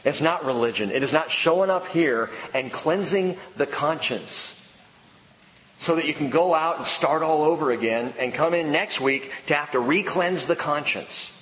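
A man preaching a sermon as pastor, building with emphatic repetition and then dropping into a hushed prayer. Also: fairly high pitch, normal speed, big-room sound, poor audio.

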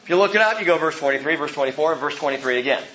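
A male pastor preaching a verse-by-verse sermon with emphasis, his voice rising and falling between soft and loud. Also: fairly high pitch, expressive, rapid-fire, highs cut off, slight background noise.

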